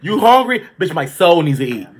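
Sassy, animated man gossiping. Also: a little high, brisk. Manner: sassy, animated, swears freely. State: allergic reaction swelling face. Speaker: podcast co-host. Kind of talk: casual gossip chat.

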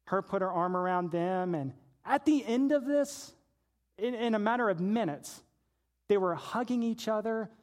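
A man preaching a sermon as a pastor, telling a story and swinging from hushed, low passages to shouted praise.

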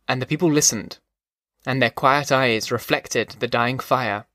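A man narrating a literary novel as an audiobook, reading in a slow, measured, rhythmic way. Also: mid-range voice, fairly bright tone, no room sound, clean studio sound.

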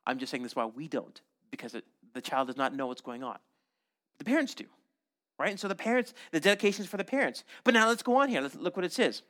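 A middle-aged man preaching a sermon in a church, animated and conversational, often checking in with "right?" and slipping in jokes. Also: a little high, fast talker. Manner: animated, conversational, frequent "right?" asides and joking. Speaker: pastor.

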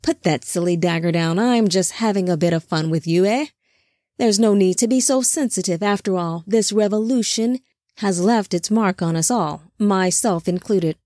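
A woman's voice: mid-range voice, normal speed, mellow, no room sound, studio quality, lightly acted. A woman playing a smug, cruel angel lord. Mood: taunting. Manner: mocking, commanding.

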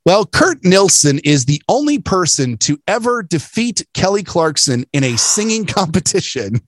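A man's voice: sits high, big pitch swings, moderate pace, no echo. A man co-hosting a casual podcast chat, talking in a chatty, jokey way with plenty of laughter. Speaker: podcast co-host.

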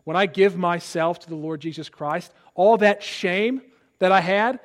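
High-voiced earnest man preaching. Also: unhurried. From Illinois, USA. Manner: earnest, emphatic preaching with repeated words. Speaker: pastor. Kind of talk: sermon.

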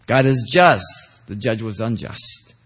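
A man preaching an expository sermon, stressing key phrases loudly and then dropping low, pausing to ask listeners if they are following. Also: expressive. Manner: asks the congregation checking questions.

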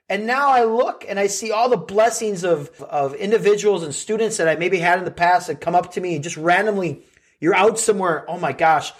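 A middle-aged man hosting a podcast, giving an earnest motivational talk full of rhetorical questions to his listeners. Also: sits high. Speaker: podcast host and coach.

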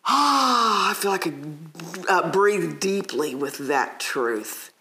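A woman's voice: low-pitched, animated, slow pace, a bit bright. A middle-aged woman giving an earnest, emphatic devotional teaching, acting out inner prayers as she speaks. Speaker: Christian teacher. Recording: echoey room.

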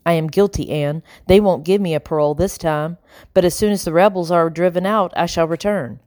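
A woman voicing a stern, panicked colonial gentleman who gives curt orders as he flees arrest. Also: lowish voice, fairly even intonation, a little fast, no echo, clean studio sound, lightly acted. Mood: urgent. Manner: curt, commanding.

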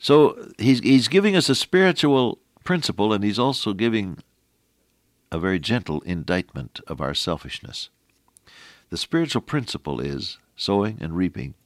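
A middle-aged man preaching a folksy radio sermon, quoting scripture in an animated way. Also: low-pitched, no echo, clean studio sound.

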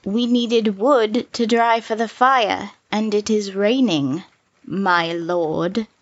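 A woman's voice: medium pitch, slow pace. An actress playing a proud, defiant young woman in an audio drama. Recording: dull lo-fi recording.

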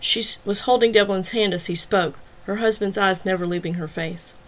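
Brief: female audiobook narrator, steady scripted storytelling, mid-pitched. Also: normal speed, hardly any pauses, slight background noise.

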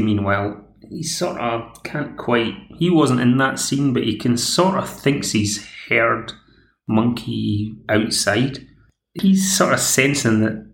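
A man's voice: medium pitch, expressive, slow, gravelly. A male podcast host giving a casual, wry episode recap with many asides and restarts. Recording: echoey room.

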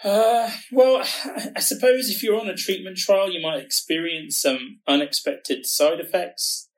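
A man co-hosting a podcast, talking in a halting way that repeats words as he gathers his thoughts. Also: fairly high pitch, a bit bright, rough recording. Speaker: podcast co-host working in research. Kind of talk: podcast conversation.

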